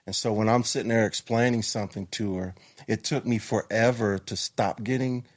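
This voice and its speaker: Brief: male podcast host, lower voice, chatty, agreeable, laughs easily. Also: moderate pace. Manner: warmly affirming, laughs often, animated when telling stories. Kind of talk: casual conversation.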